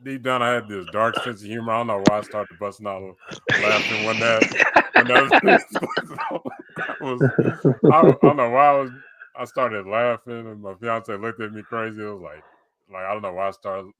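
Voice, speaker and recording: A man's voice: fairly low pitch, steady tone, brisk, a crowd in the background. A man guesting on a podcast, chatting casually, hesitant and trailing off. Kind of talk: casual chat.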